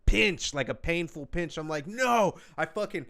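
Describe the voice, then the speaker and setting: A young man on a podcast, cursing freely as he tells animated stories in casual chat. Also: on the high side, moderate pace. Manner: profane, animated storyteller. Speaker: podcast co-host.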